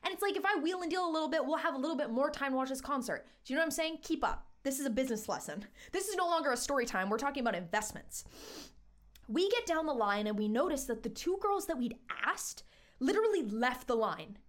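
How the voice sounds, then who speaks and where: A young woman hosting a podcast, telling a story in an animated, self-mocking, slangy way. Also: sits high, fast. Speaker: podcast host. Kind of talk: casual storytime.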